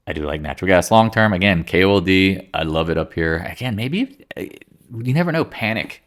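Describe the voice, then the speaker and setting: Deep-voiced blunt market commentator man. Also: expressive. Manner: blunt, jokey, quick asides. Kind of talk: casual chart-by-chart market rundown.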